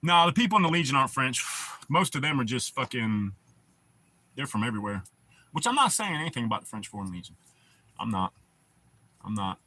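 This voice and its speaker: Husky, bright-voiced man chatting on stream. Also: mid-range voice, sing-song, a little fast, long pauses. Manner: rambling, laid-back, swears often. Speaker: livestream host. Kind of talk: casual livestream chat.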